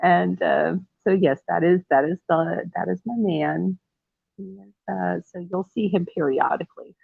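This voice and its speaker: Low-voiced woman chatting on a tinny line. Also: moderate pace, gravelly, husky, no room sound. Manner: rambling, effusive, laughs often. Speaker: livestream host. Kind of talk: casual livestream chat. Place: at home. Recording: tinny phone-like sound.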